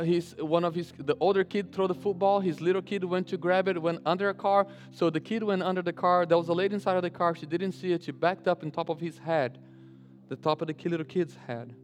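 A male pastor preaching a sermon and telling a story, animated, often restarting and repeating his phrases. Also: high voice, a little fast, long reverb tail. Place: church sanctuary.

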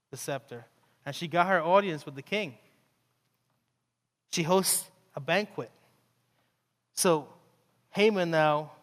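A male preacher, animated and conversational, full of playful asides as he tells the story. His voice is fairly high for a man. A long reverb rings from the hall around him. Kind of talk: sermon.

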